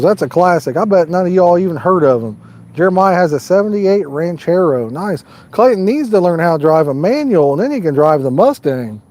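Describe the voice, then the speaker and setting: A man's voice: a little high, mellow. Folksy man chatting on a fishing livestream. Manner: rambling, folksy, talks to chat viewers. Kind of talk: casual live-stream chat.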